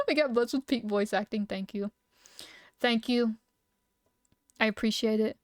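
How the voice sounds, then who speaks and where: A young woman streaming live, reading lore aloud and chatting with viewers, excitable and quick to laugh. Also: fairly high pitch, no echo, clean studio sound. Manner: excitable, giggly, reacting loudly.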